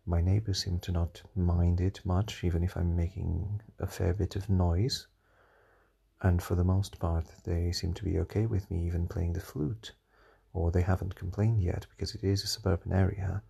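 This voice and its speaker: A young man with a gravelly, husky voice muses through a solo podcast episode from home. His accent blends British, American and Portuguese sounds, and he wanders between thoughts with sighs and restarts. His tone is dark and mellow. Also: sits low, flat delivery, normal speed. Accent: mix of British, American and Portuguese. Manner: musing and rambling, with sighs and restarts. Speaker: podcast host.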